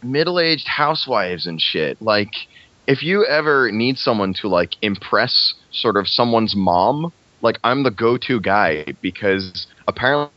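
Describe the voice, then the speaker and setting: American man with a lively, rambling voice. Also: on the low side, measured pace, dry recording, dull audio. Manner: rambling, swears freely. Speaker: podcast co-host. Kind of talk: casual chat.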